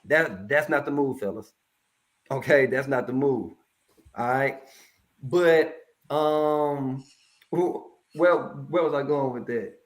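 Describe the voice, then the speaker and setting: A man speaking as a mental health professional in a casual interview, telling stories in a lively, colloquial way and addressing the audience directly. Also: mid-range voice, slow, pauses often. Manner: animated, colloquial, preachy asides to the audience.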